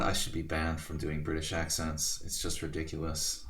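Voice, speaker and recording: A man's voice: extremely low pitch, monotone, normal speed, few pauses, a bit bright, distant mic. A man from Hungary streaming blitz chess, chatting casually and poking fun at himself between moves. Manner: chatty, self-deprecating, rambling asides to chat. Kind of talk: casual live-stream chat while playing blitz. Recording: roomy echo, mic set back.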